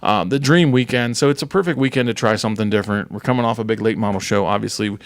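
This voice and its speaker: A man's voice: lowish voice, no room sound. A middle-aged man who promotes a speedway, co-hosting a casual podcast, rambling and teasing his co-host. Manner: rambling, joking, quick to tease.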